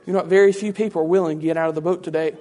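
A man's voice: a little high, fairly even intonation, very fast, darkish tone. A man preacher giving a teaching sermon in a conversational way, with many rhetorical questions.

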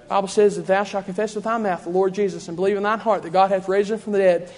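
A male preacher with a high-sitting, darkish voice delivers a revival-style sermon in church, speaking quickly in a steady tone. His fervent cadence keeps returning to the same phrases, echoed by a long reverb from the hall.

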